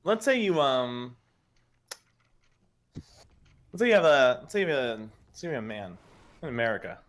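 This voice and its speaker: A man in casual stream debate, feeling his way through each point with stops, fillers and restarts. His pitch sits in an ordinary middle range. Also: very animated, normal speed. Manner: hesitant, full of fillers and restarts. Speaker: guest in a stream discussion.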